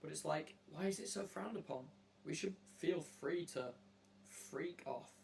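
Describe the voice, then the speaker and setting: A man's voice: fairly high pitch, unhurried, creaky, darkish tone, a little hiss or hum. A man hosting a casual chat with strangers, joking in a brash, mock-serious way and swearing freely. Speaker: host asking strangers on a video chat app.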